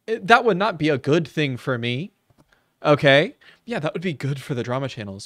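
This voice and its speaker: A man's voice: a little high, big pitch swings, normal speed, a bit bright, no room sound, clean studio sound. A man doing sarcastic reaction commentary on a video, mocking and swearing as he rants. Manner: mocking, profane, ranting.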